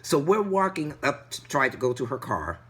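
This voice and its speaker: Indignant husky man telling a story. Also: medium pitch, moderate pace. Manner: animated, indignant retelling. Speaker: vlogger. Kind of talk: casual storytelling vlog.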